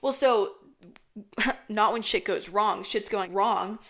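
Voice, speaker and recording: A young woman hosting a podcast, spinning a casual storytime with no filter. She rambles from one thing to the next, swears freely and fills every gap with "like". Her voice sits at a middle pitch. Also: slow, fairly bright tone. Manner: rambling, heavy swearing, lots of "like". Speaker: podcast host.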